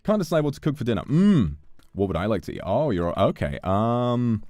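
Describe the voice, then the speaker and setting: A young man chatting casually with his chat, playful and swearing freely, with quick restarts. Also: mid-range voice, sing-song, warm tone, no room sound, soft background music. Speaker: streamer. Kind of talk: casual chat reading donations.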